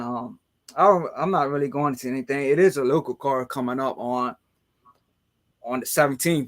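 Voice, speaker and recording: A man's voice: medium pitch, a bit bright. A man hosting a casual podcast chat who rambles along, filling his talk with "man" and "you know". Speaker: podcast host.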